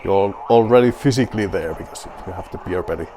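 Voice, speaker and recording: A man's voice: sits low, quick pace, mellow, slight background noise. A man with a Finnish accent playing a rally game and talking to himself, wry and mock-grand, with a beer at hand. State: drinking beer while playing. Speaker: gaming video host.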